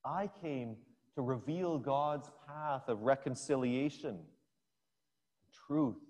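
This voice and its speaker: A man's voice: medium pitch, a little mellow. A man voicing Jesus as an earnest male teacher firmly rebuking a follower. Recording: long hall reverb.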